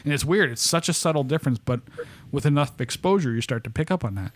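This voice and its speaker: A man's voice: medium pitch, lively intonation, fast. Give me a rambling, profane podcast host, a man. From upstate New York. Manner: rambling, profane, laughs often. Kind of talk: casual chat.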